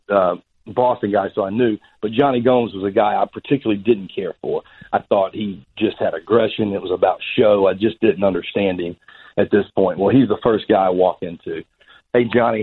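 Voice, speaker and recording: A man's voice: on the low side, slightly rough. Rambling man on a tinny phone line. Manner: rambling, animated storyteller with many restarts. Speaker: former baseball pitcher, guest. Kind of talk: storytelling interview answer.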